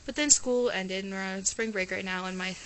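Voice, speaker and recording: Talking casually to her camera, a teen girl from Ohio, USA who is an exchange student rambles along, saying "like" often and restarting sentences. Her medium-pitched voice is steady, brisk and a bit bright, and the audio is poor.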